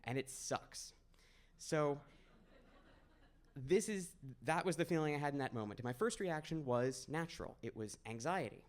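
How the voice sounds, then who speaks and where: On a small stage at a storytelling event, a man from Maine in his 20s tells a personal story. His voice is on the high side, animated, at a moderate pace, and his delivery is conversational, wry and self-deprecating.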